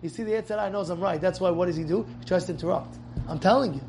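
A young adult rabbi giving an animated, emphatic Torah lesson to young students, telling a story and repeating phrases for stress. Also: male voice, high voice, very fast, faint music behind. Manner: emphatic, repeats phrases, shouts in acted quotes.

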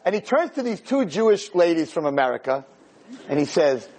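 A man giving a joke-filled lecture, telling stories in an animated way that builds to shouting. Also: fairly high pitch, brisk, poor audio. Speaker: Jewish lecturer.

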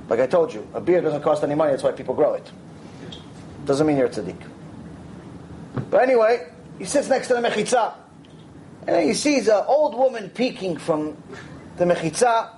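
A man teaching a Torah lecture, telling stories in an animated way and sprinkling in Hebrew terms and "you know". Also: a little high, brisk, long pauses, a little hiss or hum, poor audio. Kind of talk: lecture with storytelling.

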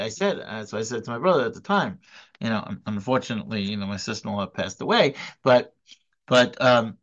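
Halting, earnest man teaching a class. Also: medium pitch, fairly bright tone, highs cut off. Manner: halting, many repeated words and restarts; earnest, emphatic. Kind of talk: informal recorded lecture.

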